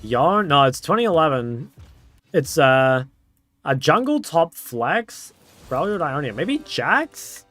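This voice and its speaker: A man's voice: fairly high pitch, animated, measured pace, a bit bright, faint music behind. A young man streaming, chatting casually and answering chat in a laid-back way.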